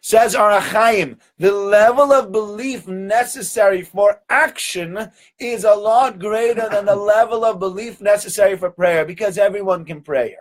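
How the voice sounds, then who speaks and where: A man teaching a weekly Torah lesson, telling stories in an animated way and often repeating words. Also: sits high, moderate pace.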